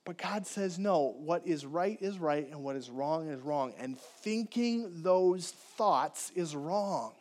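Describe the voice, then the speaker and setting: A man with a notably high voice preaches a sermon in a conversational, animated way. He talks to his listeners directly as a pastor would, leaning on questions and plain examples. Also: takes it slowly, few pauses.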